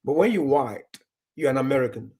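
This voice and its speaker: A man's voice: medium pitch, expressive, a little fast, a little mellow, husky. A man from Nigeria talking in casual chat, rambling, repeating words and acting out bits of dialogue.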